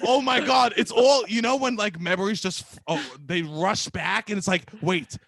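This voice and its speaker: A man in his thirties co-hosting a casual comedy podcast, animated and jokey, often breaking into loud laughter. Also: high-pitched, moderate pace, creaky. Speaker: co-host.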